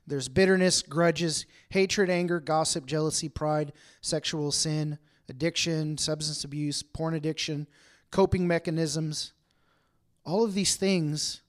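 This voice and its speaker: Brief: male pastor, light higher voice, casual sermon to a congregation, acts out everyday exchanges. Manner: chatty, acts out everyday dialogue in asides. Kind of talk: conversational sermon. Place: room with a congregation.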